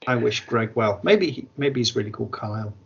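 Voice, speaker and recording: A man's voice: medium pitch, expressive, brisk, vocal fry, slightly rough, dull audio. A man hosting a podcast, steering the chat with dry, teasing questions. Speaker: podcast host. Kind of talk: casual chat.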